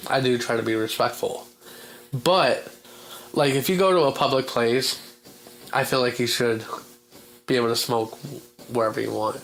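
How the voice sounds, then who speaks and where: A man with a hoarse voice hosting a casual radio talk show, blunt and swearing freely. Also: medium pitch, moderate pace, long pauses, rough recording. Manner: blunt and swearing, animated in argument. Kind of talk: casual chat. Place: small home studio.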